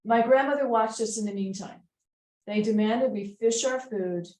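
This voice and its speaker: A woman's voice: a little high, moderate pace, darkish tone, reverberant, rough recording. A woman teaching a writing class, patiently reading sentences aloud again and again to check the commas. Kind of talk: editing a student essay aloud in class.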